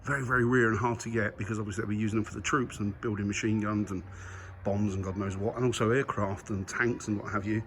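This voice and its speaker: A man's voice: fairly low pitch, steady tone, quick pace, hardly any pauses, fairly bright tone. A man chatting enthusiastically to viewers as he walks around a museum, filmed on a handheld camera. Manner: enthusiastic, chatty, talks to viewers while walking. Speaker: vlogger. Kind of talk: casual vlog commentary. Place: museum grounds and aircraft halls. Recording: noisy background ambience.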